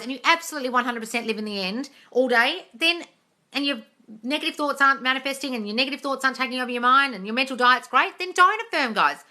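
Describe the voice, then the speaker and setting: A woman's voice: a little high, bright, forceful tone. A woman answering chat questions on a live stream, blunt and sweary, calling her viewers darling. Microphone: phone on a live stream.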